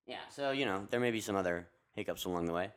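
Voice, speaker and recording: Young male co-host, lowish voice, laid-back and agreeable. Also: fast, clean tone. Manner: easygoing, laughs often, agreeable. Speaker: podcast co-host, wholesale manager. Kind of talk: casual chat. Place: outdoors by a parking lot.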